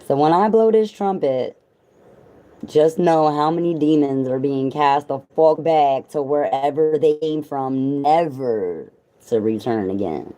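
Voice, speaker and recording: A woman with a raspy voice that is still recovering, chatting casually and rambling between jokes and bits of song. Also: sits low, a little slow, dark tone. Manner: rambling, joking, breaks into song. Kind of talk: casual vlog with singing.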